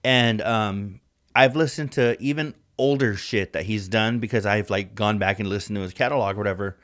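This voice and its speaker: A man's voice: fairly low pitch, moderate pace, a bit bright. Rambling, profane casual man. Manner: rambling, profane, heavy use of "like". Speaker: podcast co-host. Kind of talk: casual chat.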